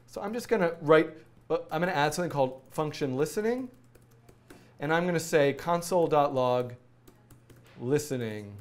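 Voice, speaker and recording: A middle-aged man teaching coding in a casual, rambling way, often laughing and correcting himself as he works. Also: on the high side. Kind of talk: casual live-coding tutorial.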